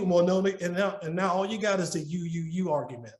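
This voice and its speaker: On a podcast, a middle-aged guest with a fairly high, slightly mellow voice earnestly shares relaxed marriage advice, talking quickly with hardly any pauses. He trips over, repeats and restarts his words as the story unfolds. A noticeable roomy echo colors the audio.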